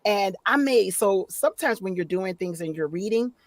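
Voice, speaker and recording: A woman talks from her office over a video call, her voice dry and close with little room sound. She tells her story in an expressive, upbeat way at a middle pitch. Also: moderate pace, no echo. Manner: expressive, upbeat storyteller who acts out quotes. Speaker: guest, author and voice-over talent. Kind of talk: casual interview chat. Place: home office.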